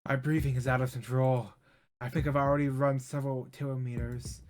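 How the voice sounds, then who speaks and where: A man's voice: medium pitch, level tone, fairly quick, darkish tone. A man streaming as a VTuber, reading a visual novel aloud with drama and breaking into rambling asides.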